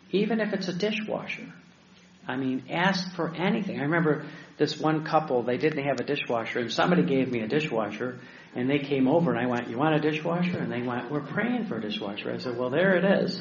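A male deacon delivers a sermon-style teaching talk with a gravelly edge, often stumbling over restarts and fillers as he tells his stories. The recording is roomy and echoey, slightly dull and lo-fi, with faint ambience behind him. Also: on the high side, slight background noise. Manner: storytelling, halting with many restarts and fillers.

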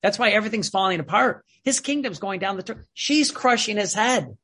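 A man preaching a sermon in an earnest, repetitive way, slowing down when he quotes. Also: high voice, animated, pushed and bright, husky.

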